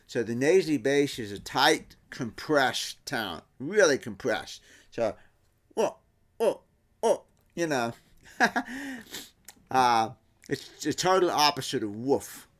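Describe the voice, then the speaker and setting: A man's voice: medium pitch, lively intonation, takes it slowly. A middle-aged man explaining guitar tap tones in a casual workshop talk, imitating the sounds with his voice and often restarting his sentences. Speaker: guitar builder.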